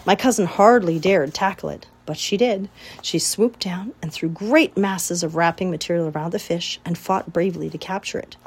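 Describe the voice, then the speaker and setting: Wise gentle spider lady, as a woman reads her. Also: fairly low pitch, normal speed, breathy edge. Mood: storytelling. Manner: gentle, coaxing, commanding at times. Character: kind clever female spider, patient and wise.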